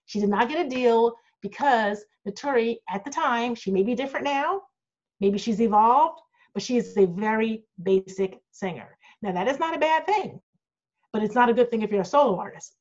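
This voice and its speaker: A woman's voice: a little high, lively intonation, normal speed, darkish tone. A middle-aged woman, a group manager, answering fan questions in a candid, blunt and outspoken way over a video call. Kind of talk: candid Q&A chat. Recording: dull lo-fi video call audio.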